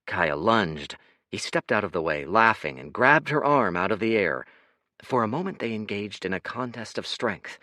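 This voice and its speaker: A man narrating an audiobook in an expressive, dramatic reading. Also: on the low side, moderate pace, no room sound, clean studio sound.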